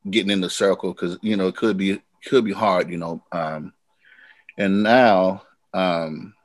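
A man who is a singer-songwriter guest, telling animated, rambling stories in a casual interview. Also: low-pitched, a little slow, dry recording. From United States.

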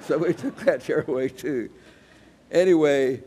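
A man's voice: on the high side, normal speed, darkish tone. A man in his eighties preaching a sermon, telling folksy anecdotes with chuckles. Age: 80s. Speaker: church evangelist preaching. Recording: reverberant hall sound.

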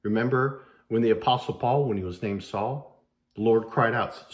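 A man's voice: medium pitch, moderate pace. A man preaching a sermon as pastor, dramatic and acting out quoted voices.

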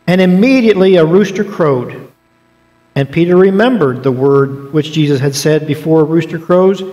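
A man's voice: on the high side, moderate pace, darkish tone. Chatty man teaching Bible class in a hall. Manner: conversational, joking asides, reads scripture aloud. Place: church auditorium. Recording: long reverb of a church auditorium.

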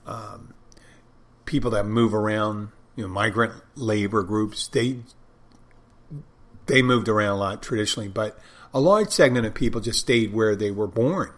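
A man on the low side of pitch talks at normal speed while hosting his podcast alone. It's a casual monologue, rambling and digressive, as if he's thinking aloud.

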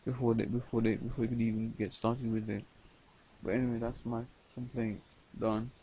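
A man's voice: mid-range voice, flat delivery, normal speed, warm tone, slight background noise, poor audio. A man rambling through a late-night video diary, stumbling over words with many repeats and restarts. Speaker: vlogger.

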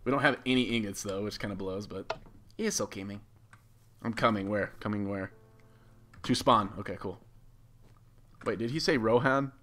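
A man giving casual, excitable commentary over a video game as a YouTube gamer, laughing often and swearing lightly. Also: on the low side, normal speed, long pauses, slight background noise. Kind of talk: live gameplay commentary.

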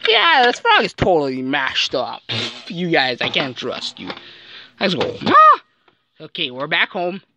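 A woman playing out a toy scene aloud and acting out toy characters, jumping suddenly into squeaky voices. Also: wildly swooping pitch, measured pace, background noise.

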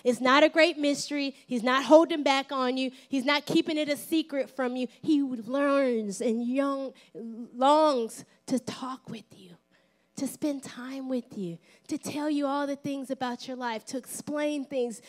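Lively high-voiced woman pastor preaching. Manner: lively, playful, acts out voices; drops to a whisper at times. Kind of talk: sermon.

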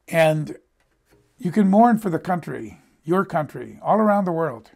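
A man's voice: on the high side, animated, measured pace, gravelly, darkish tone. An older American man giving a sermon, telling personal stories in a conversational way and often repeating words as he restarts a sentence. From United States. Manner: conversational storytelling, repeats words when he stumbles. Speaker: preacher.

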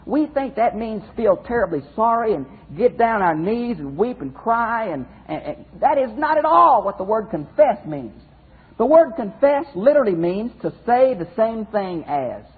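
Emphatic pastor teaching scripture, phone-like sound. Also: male voice, high-pitched, very animated, normal speed, husky. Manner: emphatic, repeats phrases, addresses listeners directly. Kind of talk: Bible teaching lecture. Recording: phone-like narrow band audio.

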